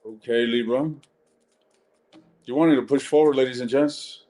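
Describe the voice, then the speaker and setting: A man's voice: mid-range voice, fairly even intonation, normal speed, dark tone. A man giving a casual live-stream tarot reading, blunt and chatty, swearing and calling viewers ladies and gents.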